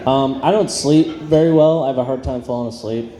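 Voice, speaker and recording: A man's voice: medium pitch, fairly quick, dark tone, faint music behind. A man doing an awkward, self-deprecating stand-up set on a club stage, full of ums and trailing off. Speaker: stand-up comedian. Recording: roomy club sound with audience noise. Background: audience laughter.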